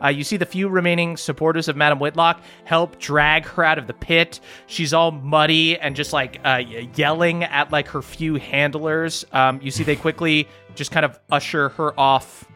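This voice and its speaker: A man's voice: on the high side, fairly even intonation, moderate pace, few pauses, pushed and bright, soft background music. A young man narrating a tabletop game as game master, loose and full of fillers.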